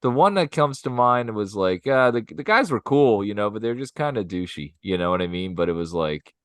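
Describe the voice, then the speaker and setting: Low-voiced storytelling podcast host. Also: male voice, fairly quick, clear, resonant tone, no echo. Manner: animated storyteller, 'you know what I mean', ham impressions. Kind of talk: casual storytelling chat.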